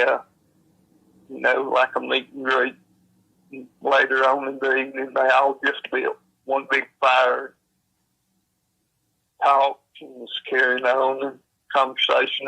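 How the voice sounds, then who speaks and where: A man speaks slowly in a gravelly, bright-edged voice that barely rises or falls. He tells it plainly, filling pauses with "uh" and "you know". The sound is thin and lo-fi. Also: medium pitch. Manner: slow, plain folksy telling with fillers. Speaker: storyteller. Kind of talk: recounting a secondhand encounter.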